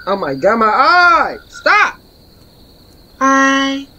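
A woman streaming a horror game, commenting in a playful, slangy, trash-talking way and breaking into excited shouts. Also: high voice, very slow. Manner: excitable, bursts into laughing shouts. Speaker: gaming streamer. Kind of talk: let's play commentary.

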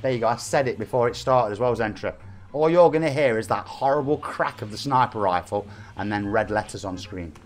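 Live-streaming a game, this Nottingham-accented Englishman in his forties keeps up a jokey, chatty patter and reads messages from chat out loud. He speaks in a lowish voice at a slightly fast clip, with a touch of hiss or hum in the audio.

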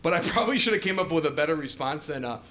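A man's voice: fairly high pitch, animated, very fast, sharp tone. A man performing a stand-up comedy set on a club stage, telling stories with playful asides to the crowd. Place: comedy club stage before a live audience. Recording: echoey club with clear audience noise.

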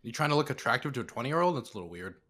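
A man on a stream, teasing a friend in a deadpan way, heard a little far from the mic. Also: medium pitch, rapid-fire. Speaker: stream guest. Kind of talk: casual stream chat.

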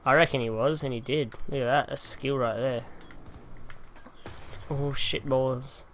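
A young man with a loud, heckling manner, commentating live gameplay into a desk mic at home and swearing at opponents. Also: medium pitch, fairly even intonation, measured pace, a little hiss or hum. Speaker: gaming commentator. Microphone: desk mic with pop filter.

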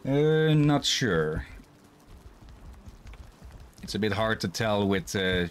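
Gaming streamer, man, low unhurried voice, relaxed and chuckly. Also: clear, resonant tone. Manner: relaxed, laughs often, thinks aloud. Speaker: streamer playing a co-op game. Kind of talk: casual gaming chat.

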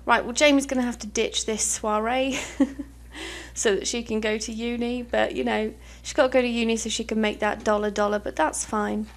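A woman's voice: a little high, steady tone, moderate pace. A young British woman giving chatty, giggly let's play commentary on a life simulation game, swearing now and then. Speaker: gaming YouTuber.

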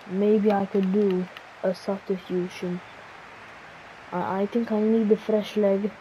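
Woman host calling her own football game match at a slow pace, talking to herself when plays go wrong; muffled, slightly hissy recording. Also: medium pitch, flat delivery. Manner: self-critical, muttering to herself between calls. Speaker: gaming channel host. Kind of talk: play-by-play commentary over a football video game. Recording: dull lo-fi recording, faint hiss.

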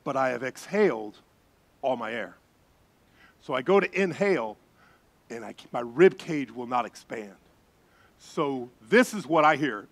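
A middle-aged man preaching as a pastor, telling a story with lively voices and gasps. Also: mid-range voice, measured pace, pauses often. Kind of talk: sermon storytelling.

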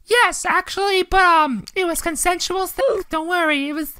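Man putting on a shrill tearful woman. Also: normal speed, pushed and bright. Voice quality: falsetto. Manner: laughs through fake sobs. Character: distraught young woman interviewee, tearful and rambling.

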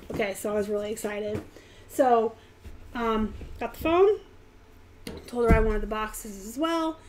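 A chatty woman hosts a live stream, her voice sitting a little high. She talks in an animated way and speeds up in quick bursts. A faint hiss of background noise stays under her voice. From Pittsburgh area, US. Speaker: live stream host, reseller. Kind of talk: casual live stream chat.

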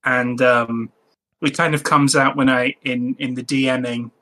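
A young man talks casually as a podcast guest. His voice is bright and forward, and his pitch sits in the middle range. He laughs often and breaks off into restarts mid-sentence. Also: little pitch movement, unhurried. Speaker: podcast guest, game master.

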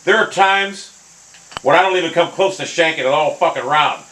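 A young man commentating his own golf video game, hot-tempered and swearing constantly, often bursting into angry shouts. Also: a little high, moderate pace, slight background noise, rough recording. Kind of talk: live gameplay commentary.

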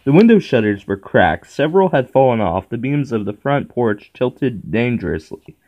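A man reading a children's horror book aloud in a steady first-person storytelling manner. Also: mid-range voice, dull audio. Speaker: narrator.

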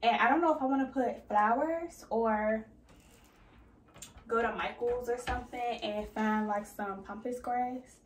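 A young woman in her twenties chatting casually in a slangy, animated way while organizing her bathroom. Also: a little slow, roomy sound. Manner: chatty, slangy, animated with sudden high squeals. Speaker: lifestyle vlogger. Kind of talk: casual organizing vlog chat. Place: bathroom at home.

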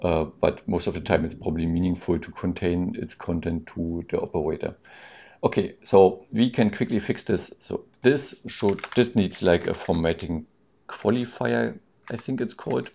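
A man with a deep, gravelly, mellow voice talks through code on a casual live stream, hesitating often and restarting his sentences. The audio is dull and lo-fi. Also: moderate pace. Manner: thinks aloud, hesitant, with many ums and restarts; reads out and answers chat questions with amusement.

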